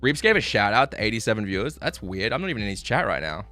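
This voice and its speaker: A man ranting on a live stream, frustrated and swearing, apologizing, swinging between loud outbursts and low muttering. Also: big pitch swings, fast, soft background music.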